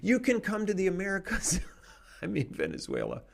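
Brief: opinionated male talker, lively swooping delivery, easy laughs. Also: high voice, normal speed, vocal fry. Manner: animated, opinionated, laughs often. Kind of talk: casual conversation.

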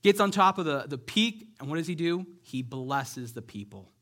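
Casting: male preacher, slightly high voice, animated storyteller who keeps asking "right?". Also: moderate pace. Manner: animated storyteller, acts out characters' lines; conversational, checks in with "right?". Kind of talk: sermon, Bible storytelling.

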